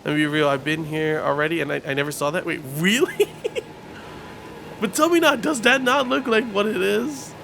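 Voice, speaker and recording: A man giving casual live commentary while streaming a game, talking to his chat in an excitable, rambling, slangy way. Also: high-pitched, normal speed, gravelly, a little hiss or hum. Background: game music.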